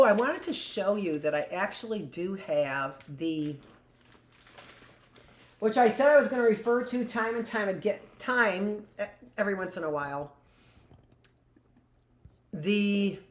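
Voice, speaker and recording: A woman teacher talks her way through a live history lesson at an unhurried pace. She fires off questions to students who aren't there and answers them herself, with jokey asides along the way. Her voice bounces around an echoey room. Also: medium pitch, animated.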